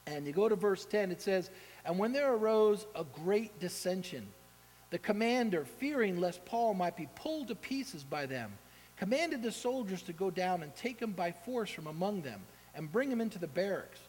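A man preaching a sermon in an animated way, acting out the voices of the people he quotes. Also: high voice, moderate pace, husky. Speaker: pastor. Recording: long hall reverb.

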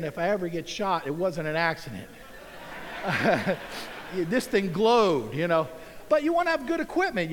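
Middle-aged man, folksy and animated storyteller addressing a crowd, high-pitched voice, long reverb from a big hall. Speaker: speaker at an event. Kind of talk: storytelling talk to a live audience. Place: large hall with an audience.

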